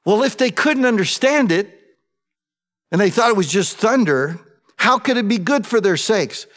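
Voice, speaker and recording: A man's voice: high voice, animated, moderate pace, fairly bright tone, big-room sound. A man preaching a sermon, addressing the congregation and acting out quoted prayers with feeling.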